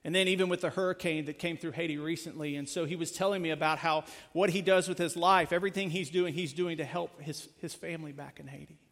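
A man preaching a sermon as pastor, earnest, rising in force and then dropping to a hushed close. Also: fairly high pitch, fairly even intonation, fast talker, few pauses. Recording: long hall reverb.

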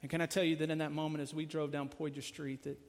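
Earnest guy pastor preaching, kinda high voice, big swells then quiet drops, long church echo. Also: flat delivery, fast. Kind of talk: sermon. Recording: long hall reverb.

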